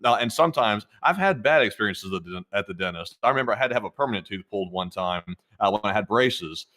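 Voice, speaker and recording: A man chatting casually on a live stream, his voice on the lower side. He talks quickly and rambles, with lots of fillers and restarts. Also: lively intonation, sharp tone. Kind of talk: casual chat.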